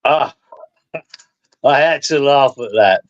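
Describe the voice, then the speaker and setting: Rambling stream host. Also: male voice, mid-range voice, slow pace, muffled recording. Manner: rambling, laughs through his stories. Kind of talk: casual chat.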